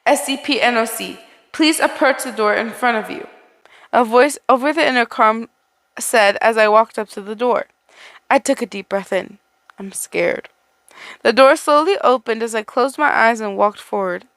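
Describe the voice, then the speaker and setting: A woman's voice: a little high, normal speed, fairly bright tone, no echo. Woman reading fan fiction aloud. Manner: stumbles and restarts words while reading; breaks off into chatty, laughing asides. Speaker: story reader.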